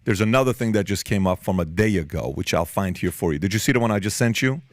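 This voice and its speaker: A man's voice: fairly low pitch, lively intonation, fast, no room sound. A man hosting a casual podcast, blunt and teasing, often repeating himself as he talks. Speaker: podcast host.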